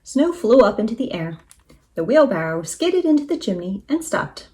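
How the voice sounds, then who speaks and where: Mulher animada lendo história infantil. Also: female voice, fairly high pitch, normal speed. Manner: expressive, animated. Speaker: teacher reading aloud. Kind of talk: children's storybook read-aloud.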